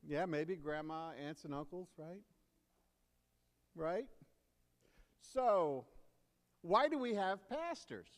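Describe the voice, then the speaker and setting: A man's voice: fairly high pitch, animated, slow pace, pauses often. A man serving as deacon, giving a playful children's sermon, coaxing and teasing the kids into answering. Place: church sanctuary. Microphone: handheld or stand microphone. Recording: long church reverb.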